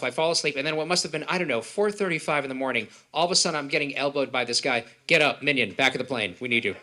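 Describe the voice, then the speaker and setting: A man from Israel performing a stand-up comedy set at a live event, with punchy delivery and quick put-on voices. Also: sits high, pushed and bright. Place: event hall with live audience.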